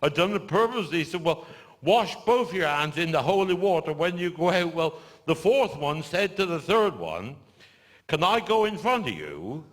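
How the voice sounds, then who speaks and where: An older man with a Cornish accent telling stand-up stories, with dry deadpan asides after each punchline. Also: a little high, moderate pace. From Cornwall. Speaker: stand-up comedian. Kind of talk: stand-up storytelling. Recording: live show in a large hall with audience laughter.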